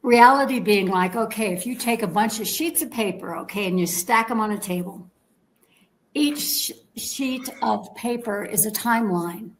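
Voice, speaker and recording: A woman guest in an interview, telling a personal story in a lively way, acting out the dialogue and checking in with her listeners. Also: mid-range voice, moderate pace, slight background noise, poor audio. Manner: animated storyteller, acts out quoted dialogue, checks in with "okay?".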